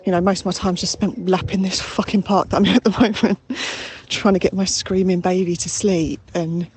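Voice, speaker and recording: A woman's voice: fairly low pitch, level tone, moderate pace, a little hiss or hum. A woman with a London accent leaving a chatty, rambling phone voice note outdoors in a park. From England. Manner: chatty, warm, sweary, rambling.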